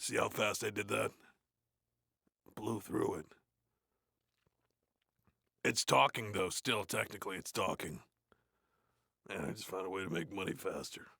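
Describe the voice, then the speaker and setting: An actor playing a gruff, bored death metal frontman with a sore throat, grumbling and swearing through a play reading in a deep, gravelly growl. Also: a bit bright, dry recording, clean studio sound, exaggerated voice. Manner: bored, crude, swearing, mumbling asides. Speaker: reader of a play. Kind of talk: comedic in-character reading.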